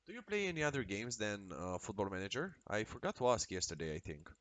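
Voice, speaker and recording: A man streaming a video game, talking casually and excitably with lots of swearing and exclamations. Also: on the low side, fast, no room sound. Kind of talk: casual live-stream commentary while playing.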